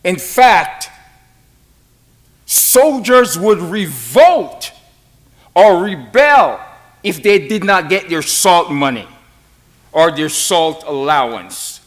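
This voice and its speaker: Slow, emphatic preacher with lively pitch. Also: male voice. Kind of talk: sermon.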